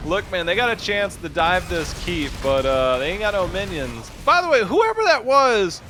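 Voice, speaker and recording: Color caster, male, high register, folksy slang, relaxed banter, noisy stream mic. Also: normal speed. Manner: folksy, drawling slang, laid-back banter. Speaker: esports color commentator. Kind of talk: casual esports commentary.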